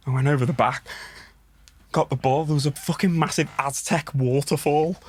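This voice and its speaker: A man from the Wirral with a Merseyside accent, a podcast guest telling stories in a relaxed, sweary way and often laughing. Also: a little high, normal speed, breathy edge. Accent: Merseyside English. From Wirral, England. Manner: laid-back, sweary, laughs through his stories. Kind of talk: casual storytelling chat.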